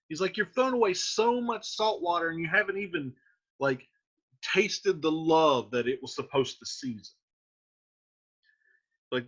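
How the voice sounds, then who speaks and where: A man's voice: fairly high pitch, big pitch swings, measured pace, fairly bright tone. A male teacher explaining a play line by line, reading verse aloud and then paraphrasing it casually. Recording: dull lo-fi recording.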